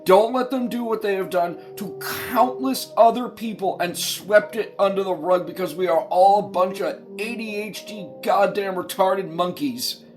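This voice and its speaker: A man with a high voice rants to camera, swearing freely and pleading with his listeners. His delivery swings between fury and weary appeals. Soft music runs faintly behind him. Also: normal speed. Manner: profane, impassioned, pleading. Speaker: commentator. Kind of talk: angry political rant to camera.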